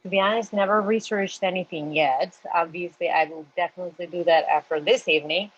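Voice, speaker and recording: A woman's voice: lowish voice, steady tone, a little fast, lo-fi sound. A woman graduate student politely asking a hesitant question in a Q&A. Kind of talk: audience question.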